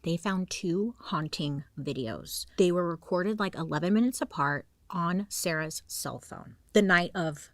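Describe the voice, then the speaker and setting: Chatty, low-voiced woman telling true crime. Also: unhurried, hardly any pauses, a bit bright, dry recording. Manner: chatty and slangy, dropping into dramatic whispers. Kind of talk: casual true crime storytelling.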